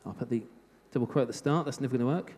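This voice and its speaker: A man's voice: mid-range voice, very fast, darkish tone. Chatty British man presenting in a hall. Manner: chatty, self-mocking humor. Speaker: conference speaker. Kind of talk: live technical presentation. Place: conference hall. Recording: reverberant hall.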